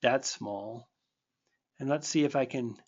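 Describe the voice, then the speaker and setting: Speaking unhurriedly in a mid-range voice, a man running a live webinar on online marketing responds warmly to his viewers. He's thankful and trips over restarts, and the recording has its highs cut off.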